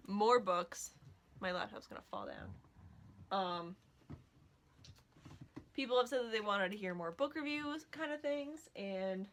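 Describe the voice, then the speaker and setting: A woman's bright, forceful voice carries this casual home vlog, picked up by a laptop. She gushes in a chatty way and turns aside now and then to scold her dogs. A faint noise hangs behind her. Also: medium pitch, sing-song, a little slow, pauses often. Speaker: knitting vlogger. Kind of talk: casual chat.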